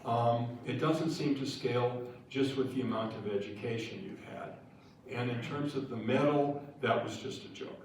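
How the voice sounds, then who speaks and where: A man, a scientist, answering audience questions after a public lecture, thoughtful and halting with restarts. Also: mid-range voice, background noise. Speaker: guest scientist speaker. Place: lecture hall. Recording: echoey hall, voice from far off.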